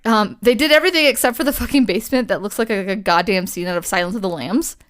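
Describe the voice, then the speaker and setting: A woman's voice: mid-range voice, quick pace, clear, resonant tone. A young woman co-hosting a podcast, telling a story in casual chat, chatty and swearing freely with lots of fillers. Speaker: podcast co-host.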